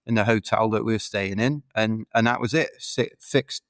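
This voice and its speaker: A man from the United Kingdom, an ultra runner appearing as a podcast guest, tells rambling, chatty stories packed with fillers in a casual interview. His voice is lowish, his pace moderate, and the recording dry.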